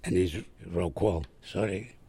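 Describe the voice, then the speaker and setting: An older man from Puerto Rico, a war veteran guest, telling stories in a chatty, animated way and chuckling as he goes. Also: low-pitched, a little slow, husky, no room sound. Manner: animated, chuckling, acts out others' lines. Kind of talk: casual storytelling.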